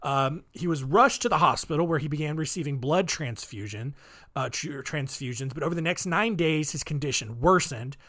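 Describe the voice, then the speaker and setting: A man with a fairly high voice, pushed and bright, talks at a normal speed. He hosts a solo podcast and tells stories in a rambling, offhand way, full of ums and wry asides.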